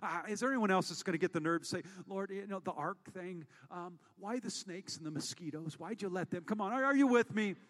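A man preaching a sermon as pastor, moving between hushed storytelling and loud, rallying calls to the congregation. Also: sits high, fairly quick, hardly any pauses, long reverb tail. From United States.

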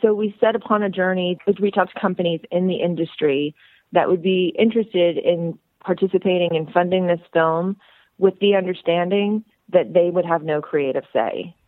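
Interviewed as a guest over the phone, a woman filmmaker tells her story in a friendly, outgoing, animated, chatty way. Her voice is lowish and moderately paced, the recording is dry, and the telephone line sounds tinny.

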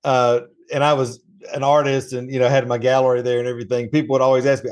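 A man's voice: mid-range voice, flat delivery, fast talker. A man with a Southern American accent, hosting a podcast interview in a friendly, chatty way with easy laughs. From Georgia, USA. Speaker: podcast host. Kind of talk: casual interview chat.

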